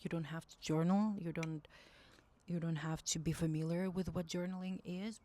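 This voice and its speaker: Low-voiced woman giving earnest spiritual advice. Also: warm tone. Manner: earnest, searching for words, often restarts and rephrases. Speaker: intuitive message reader. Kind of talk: casual spiritual advice monologue.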